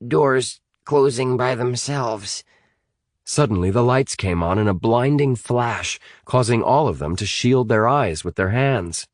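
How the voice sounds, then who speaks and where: A man narrating a thriller audiobook in a fairly low voice that rises and falls a great deal. He reads with dramatic expression on a close mic. The recording is dry, with no room sound. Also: expressive, moderate pace, hardly any pauses, dry recording.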